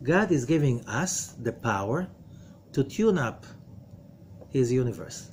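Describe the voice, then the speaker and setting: A man teaching Kabbalah to a study group, emphatic and full of rhetorical questions, dropping to a low, quiet voice when he warns. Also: big pitch swings, slow, long pauses, a little hiss or hum. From from outside America. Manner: drops to a low, quiet voice for warnings.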